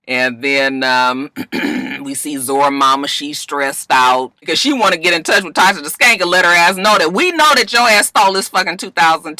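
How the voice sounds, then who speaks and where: A woman vlogger casually recapping a TV episode, animated and sassy, acting out the characters in different voices. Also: on the low side, no echo.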